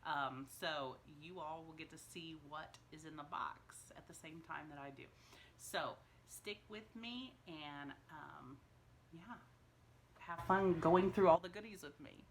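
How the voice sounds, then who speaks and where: A woman chats through an unboxing vlog at home, gasping and gushing over every little gift. Her voice sits on the low side for a woman. A faint hum of the room runs underneath. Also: measured pace. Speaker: homeschool mom vlogger.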